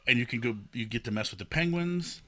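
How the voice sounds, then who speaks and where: Bright animated Ohio storyteller man. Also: medium pitch, fast, dry recording. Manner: animated storyteller acting out encounters, swears freely. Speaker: podcast co-host. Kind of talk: casual chat.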